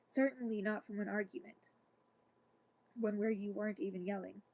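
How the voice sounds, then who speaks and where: A woman voicing a calm, kind female doctor on the phone, speaking gently and softly. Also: medium pitch, moderate pace, lightly acted. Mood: gentle. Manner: gentle, reassuring, softly spoken.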